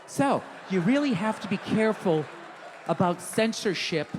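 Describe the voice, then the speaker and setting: Exasperated, profane stand-up comedian ranting. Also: male voice, sits high, lively intonation, moderate pace, crowd noise, noisy background. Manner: profane, exasperated, bursts into shouts. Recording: reverberant theater stage.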